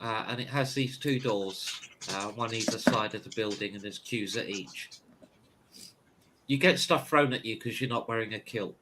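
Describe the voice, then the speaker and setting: A man's voice: fairly low pitch, moderate pace, background noise. A man narrating as game master of a tabletop game, in a hesitant, casual way.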